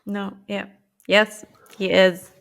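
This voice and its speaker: A woman's voice: mid-range voice, flat delivery, takes it slowly, gravelly, fairly bright tone. A woman, a native German speaker, hosting a casual video chat with a guest and signing off with affectionate, chatty remarks. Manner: chatty, affectionate sign-offs. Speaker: channel host.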